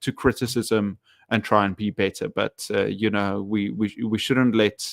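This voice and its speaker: A man's voice: on the low side, steady tone, a little slow, vocal fry, no room sound. Male English teacher, live-stream host, rambling casual delivery with lots of fillers, dry close sound. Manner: rambling, many fillers and restarts, reads viewer comments aloud.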